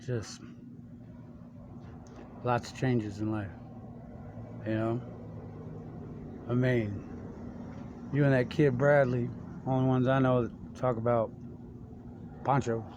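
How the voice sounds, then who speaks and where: A man's voice: medium pitch, fairly even intonation, slow, pauses often, lo-fi sound. A man talking in a rambling personal monologue to a friend, meandering from topic to topic with many fillers. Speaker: speaker addressing a friend. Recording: clear background noise.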